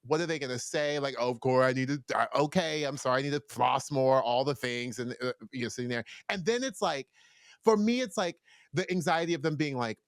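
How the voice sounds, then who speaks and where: A man's voice: medium pitch, brisk, no echo, studio quality. A young man co-hosting a podcast, chatting casually and playfully, slipping into sing-song bits and mock voices. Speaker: podcast co-host. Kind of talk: casual chat.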